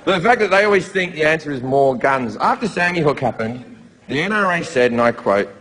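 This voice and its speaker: A man's voice: a little high, lively intonation, brisk, in a large hall. A man from Australia with an Australian accent, doing a brash, profane, mocking stand-up comedy routine in a theatre. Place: theatre with live audience. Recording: live show, loud crowd noise.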